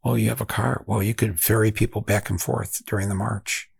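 Gravelly, husky man telling a story. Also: fairly low pitch, fairly even intonation, no room sound. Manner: reflective, halting, with fillers and restarts. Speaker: podcast host. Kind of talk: storytelling monologue.

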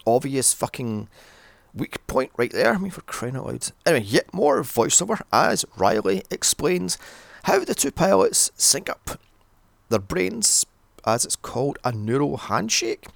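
A man's voice: mid-range voice, sing-song, a little slow, vocal fry, no echo. A man recapping a film in a sarcastic, exasperated rant, swearing constantly. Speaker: film reviewer. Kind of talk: profane ranting film recap.

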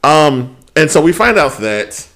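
Animated, profane man hosting a podcast. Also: on the high side, a little slow. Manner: quotes people in put-on voices. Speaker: podcast co-host. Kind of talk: casual chat.

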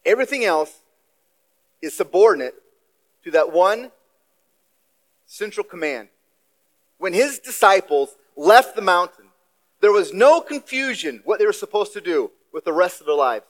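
A man giving a sermon as a guest preacher in a church, talking in a relaxed, conversational way with casual asides. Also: sits high, moderate pace, pauses often, low-quality recording. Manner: conversational, self-deprecating asides.

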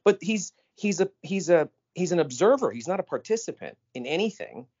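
A man co-hosting a podcast in casual chat, animated and emphatic, often cutting in. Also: a little high, husky. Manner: animated, emphatic, quick to interrupt. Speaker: podcast co-host. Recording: slightly dull lo-fi audio.

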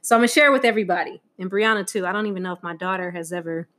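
A middle-aged woman speaks rapid-fire in a lowish, slightly bright voice as a guest giving a Mother's Day tribute. She tells a heartfelt, candid story about her mother, laughing often and acting out quoted voices.

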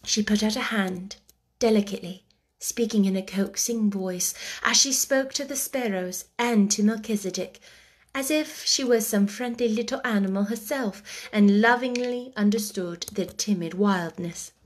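A woman reading a children's book aloud chapter by chapter, soft and gentle, dropping to a whisper at tense moments. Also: medium pitch, normal speed. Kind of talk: chapter-by-chapter read-aloud storytelling.

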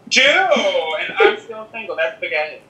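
A man speaking as an interview guest in a casual, sassy, animated chat, calling the listener "girl". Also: high-pitched, slow. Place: home in Los Angeles. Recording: echoey room, distant from the mic.

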